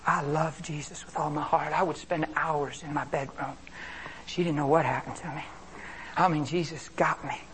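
A male preacher delivers a sermon with a fairly high voice, moving from booming emphasis to quiet, confiding asides. His delivery stays lively and dramatic. A faint background hiss sits under the voice. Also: moderate pace. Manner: animated, swings between loud exclamations and hushed asides.

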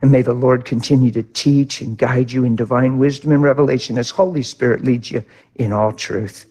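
A middle-aged man preaching a sermon with impassioned delivery, swinging from hushed to loud. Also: medium pitch, fairly even intonation, fairly quick, husky. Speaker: pastor.

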